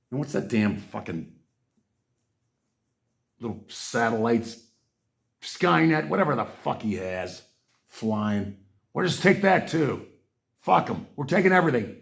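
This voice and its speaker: A man hosting a podcast, reading aloud and reacting in a ranting commentary, swinging from muttering to angry shouting with heavy swearing. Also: medium pitch, creaky. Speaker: podcast host.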